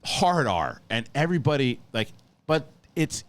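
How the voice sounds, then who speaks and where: A man hosting a movie review show, giving an excited, rambling spoiler review with lots of swearing and restarted sentences. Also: medium pitch, a little slow.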